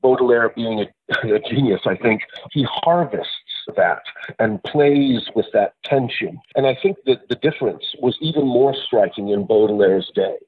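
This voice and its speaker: A man as a poet and translator guest in a literary interview, explaining in a thoughtful way with pauses and restarts. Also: medium pitch, husky, dry recording. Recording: tinny phone-line sound.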